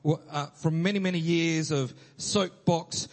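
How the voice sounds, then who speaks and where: A man's voice: fairly high pitch, unhurried. A man preaching a sermon with energy and enthusiasm, often restarting his sentences. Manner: energetic, animated, with many restarts. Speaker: pastor. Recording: long hall reverb.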